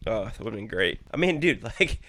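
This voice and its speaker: A man's voice: fairly low pitch, very animated, brisk, sharp tone, no echo. A young man co-hosting a podcast, chatting casually about football in a rambling way with lots of fillers. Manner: rambling, lots of fillers, laughs while telling stories. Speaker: podcast co-host. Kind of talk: casual sports chat.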